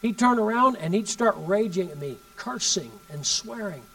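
A man preaching a sermon and telling a story, emphatic, swinging from loud bursts to hushed asides. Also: sits high, animated, moderate pace, hardly any pauses, far from the mic, low-quality recording.

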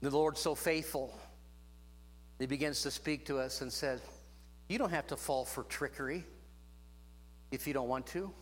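A man's voice: medium pitch, normal speed, pauses often, slight background noise. A man preaching a sermon to a congregation, stretching phrases for emphasis and punctuating them with amens. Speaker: pastor. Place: church room with congregation.

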